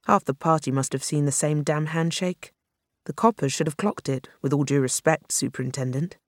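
A man's voice: on the high side, moderate pace, dry recording, studio quality, natural voice. A reader voicing a male government minister who takes charge, urgent and appealing in a hostage standoff. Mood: exasperated.

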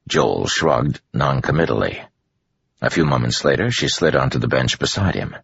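A man reads a novel aloud in measured, even narration. His voice is extremely deep with a gravelly, husky edge. The recording sounds dull and lo-fi. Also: no room sound. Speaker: audiobook narrator. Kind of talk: scripted narration. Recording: dull lo-fi audio.

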